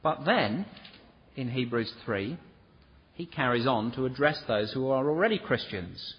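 A man's voice: medium pitch, lively intonation, measured pace, husky. A man preaching a sermon in a church, earnest and pleading, sometimes acting out the people he quotes. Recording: dull lo-fi recording with long hall reverb.

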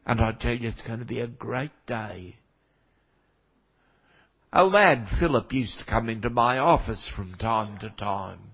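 A man's voice: medium pitch, lively intonation, a little slow, fairly bright tone, breathy edge, dull audio. An older man preaching a sermon with a cold, speaking conversationally and making wry asides to the congregation. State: has a cold, coughing now and then.

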